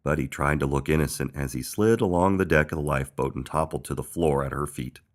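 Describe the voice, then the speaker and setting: A man reading a children's picture book aloud in an expressive storytelling manner. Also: very deep voice, quick pace. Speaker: storybook reader.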